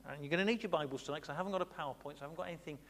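Man, preaching, questions to the congregation, slightly high voice, long hall reverb. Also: racing, a bit bright. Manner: conversational, asks the congregation questions. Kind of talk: Bible study sermon.

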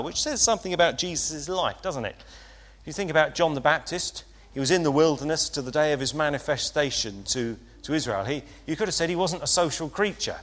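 A man's voice: a little high, fairly bright tone. A man preaching an informal sermon, chatty and hesitant, with frequent fillers and restarts. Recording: long hall reverb.

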